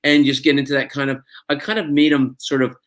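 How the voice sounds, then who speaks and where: A man's voice: mid-range voice, little pitch movement, fast. Rambling, laughing male actor guest. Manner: rambling, many fillers and restarts, laughs often. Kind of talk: casual interview chat.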